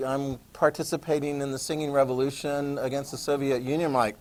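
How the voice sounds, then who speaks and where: An American man speaking to a class in a relaxed, storytelling way. He asks his listeners questions and acts out parts of his anecdote with lively emphasis. His pitch sits in a middle range for a man. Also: brisk. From United States. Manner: anecdotal, talks to the class, animated retelling. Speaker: lecturer.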